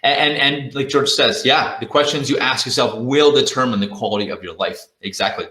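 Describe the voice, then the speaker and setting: A man delivers a sales training talk with a bright, forceful tone, coaching his listeners directly and often repeating words for emphasis. He slips into quoted voices to act out the doubts in a salesperson's head. The sound is roomy, with an echo around him. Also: medium pitch, brisk. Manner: energetic, repetitive, coaching the audience directly; acts out inner thoughts in quoted voices. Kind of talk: virtual conference talk.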